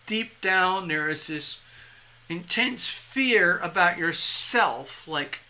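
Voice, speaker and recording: Doing a live tarot reading, this reader rambles animatedly, acts out the inner voices they describe, and laughs at their own jokes. Their pitch is medium and they take things slowly, with a little background noise.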